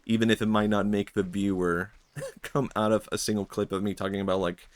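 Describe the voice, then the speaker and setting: A man's voice: on the low side, a little fast. A young man streaming, talking in a rambling, reflective way with many fillers and frequent laughs. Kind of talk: casual stream chat.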